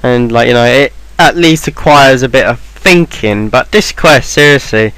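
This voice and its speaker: A man's voice: medium pitch, moderate pace, fairly bright tone, clear, resonant tone, no echo, poor audio. A man talking through a game walkthrough in an offhand, rambling way, with plenty of ums and restarts. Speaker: game guide maker. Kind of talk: casual game walkthrough voice-over.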